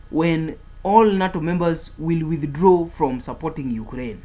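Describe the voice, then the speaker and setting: A man delivers a political commentary in a husky, slightly raised voice. He speaks emphatically, repeating his points as he warns and declares. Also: on the high side, a little mellow, poor audio. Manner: emphatic, repetitive, declaring and warning.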